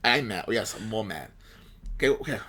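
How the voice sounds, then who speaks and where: A man's voice: on the low side, expressive, fairly quick, bright, forceful tone, slight background noise. A man co-hosting a casual sports podcast, talking animatedly and with frustration, repeating himself as he complains about his team. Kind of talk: casual fan chat.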